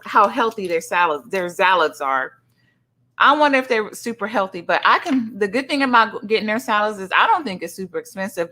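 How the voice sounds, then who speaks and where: A middle-aged woman hosting a livestream in casual chat, effusively greeting each viewer with loud, high greetings and calling people honey and sugar. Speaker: livestream host. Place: son's home streaming setup.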